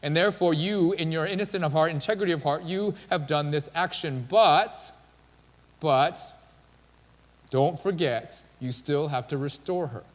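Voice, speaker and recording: A preacher voicing a blunt, forceful God. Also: male voice, fairly high pitch, normal speed, in a large hall, lightly acted. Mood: commanding. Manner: blunt, commanding.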